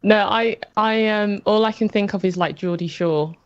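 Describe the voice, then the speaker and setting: A woman's voice: mid-range voice, moderate pace, muffled recording. A woman answering quiz questions on a live stream, hesitant and giggly. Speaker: quiz contestant. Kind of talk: casual chat.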